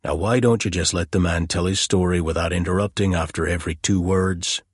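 A man doing a gruff, sarcastic old sergeant. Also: low voice, fairly even intonation, brisk, no room sound, studio quality. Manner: growling, dismissive and sarcastic. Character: gruff aging village police sergeant, sour.

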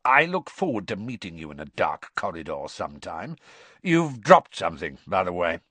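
A man's voice: low voice, very animated, fairly bright tone, no room sound, voice pushed down, exaggerated voice. A man doing a growling grizzled old auror. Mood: menacing. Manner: growling, slow and menacing. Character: gruff grizzled old male auror, menacing.

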